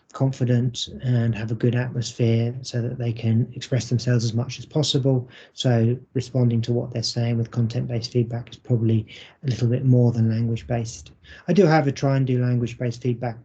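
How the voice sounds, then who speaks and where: A man presenting a recorded workshop for English teachers, speaking in a measured, explanatory way with frequent ums. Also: medium pitch, flat delivery, mellow, husky. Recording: dull lo-fi audio.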